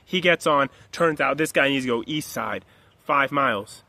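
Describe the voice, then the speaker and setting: A man's voice: mid-range voice, moderate pace, pushed and bright, dry recording. A man coaching his listeners through a long spoken story, acting out the people in it with raised, pleading voices and talking bluntly. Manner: blunt, direct, swears. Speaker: life coach. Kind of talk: motivational monologue told as a story.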